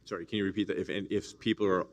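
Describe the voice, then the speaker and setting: A man with a deep, low voice chairs a formal assembly. He talks in a measured, hesitant way, filling pauses as he explains procedure. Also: level tone. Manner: measured, hesitant with many fillers. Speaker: meeting chair.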